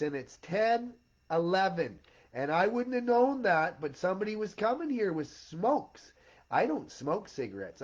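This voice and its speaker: A man's voice: mid-range voice, a little mellow, lo-fi sound. A man delivering a rambling, intense monologue as the host of his own video series.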